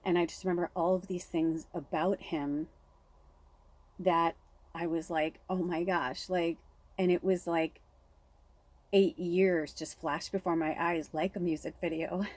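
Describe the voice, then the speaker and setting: A woman in her thirties, a spiritual reader, telling a personal story with shaky, tearful excitement and lots of "like.". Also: lowish voice, a little slow, no echo. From Pacific Northwest.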